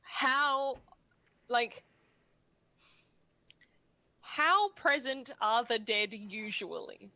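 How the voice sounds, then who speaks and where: A woman's voice: a little high, very slow, long pauses, bright, forceful tone, dry recording. A woman playing a tabletop game, thinking aloud with many hesitations and fillers. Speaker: player. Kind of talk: tabletop role-play in character and out.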